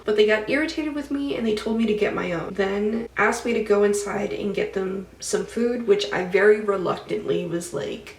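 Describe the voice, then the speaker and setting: A woman's voice: medium pitch, moderate pace, few pauses, recorded from a distance. A woman chatting through her makeup routine in a loose, unfiltered vlog style, cursing freely as she retells dreams. Her voice sits back from the mic in a roomy, echoing space. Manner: chatty, swears freely, reads dreams aloud with animated retelling. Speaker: beauty vlogger. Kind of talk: casual get-ready-with-me chat.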